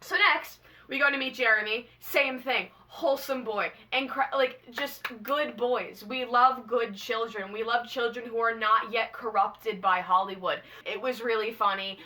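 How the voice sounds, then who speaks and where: Young woman vlogger, storytime; bubbly, excitable, slangy; bright tone, slightly high. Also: moderate pace, few pauses. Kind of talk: casual storytime.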